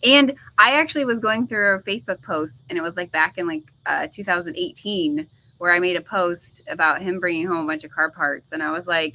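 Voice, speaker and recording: Chatty woman co-host with a bright, forceful voice and an easy laugh. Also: lowish voice, fairly quick, rough recording. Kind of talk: casual live chat.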